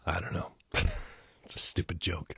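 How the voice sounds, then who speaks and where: A man's voice: no room sound, studio quality. A man hosting a casual live stream, reading out listener requests and rambling in a self-deprecating way, often stumbling over words.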